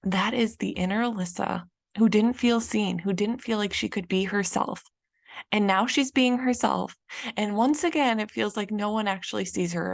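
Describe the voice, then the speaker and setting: A woman's voice: medium pitch, vocal fry. A young woman hosting a casual solo podcast, talking in a chatty way with lots of fillers and acted-out quotes. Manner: chatty, many fillers, acts out frustrated quotes. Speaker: podcast host and business coach.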